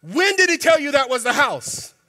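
A man preaching a sermon in a church, emphatic and colloquial, sometimes breaking into shouts. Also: very high-pitched, big pitch swings, normal speed. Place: church sanctuary. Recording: long hall reverb.

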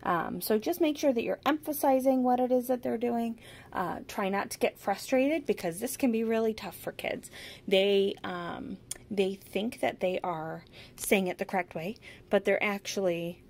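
A woman demonstrating a sentence-building activity for children, modeling each phrase slowly and with strong emphasis in an upbeat teaching manner. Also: medium pitch, animated, a little mellow. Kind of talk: instructional demonstration.

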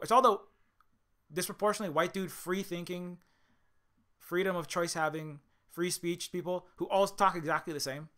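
A man's voice: high voice, brisk, bright, forceful tone. A man from Hawaii giving a heated unscripted monologue, repeating words and restarting his sentences. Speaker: video essayist.

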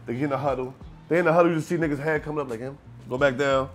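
A man's voice: medium pitch, rapid-fire, faint music behind. A man from Brooklyn with a Brooklyn accent, a rapper telling a story as a guest and acting out the other people in it. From Brooklyn, New York. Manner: animated, acts out the other people in his story, keeps asking "you know what I'm saying". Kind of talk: storytelling in a casual interview.

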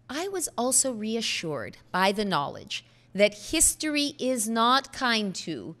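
A middle-aged woman delivering a prepared speech at a podium microphone, earnest and measured, with emphatic pauses. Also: mid-range voice, fairly bright tone. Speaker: speaker at a foundation event.

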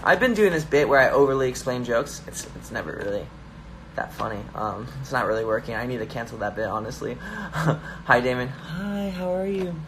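A man's voice: mid-range voice, lively intonation, brisk, noisy background. A young man hosting a live stream from his phone, hyper and joking as he reads viewer comments aloud. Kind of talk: casual live-stream chat.

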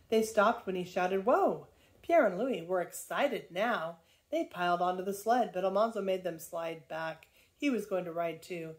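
An older woman, a grandmother, reading a children's book aloud in a lively, expressive way. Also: mid-range voice.

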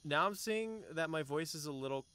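A man's voice: fairly high pitch, expressive, normal speed, smooth. A man streaming a game live, chatting playfully with viewers and laughing often. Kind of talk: casual live-stream chat while playing. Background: loud game music.

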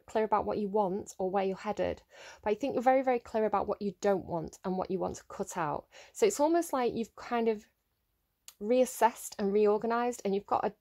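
A woman's voice: medium pitch, mellow. A woman giving a casual solo tarot reading, thinking aloud with many fillers and restarts. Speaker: tarot reader.

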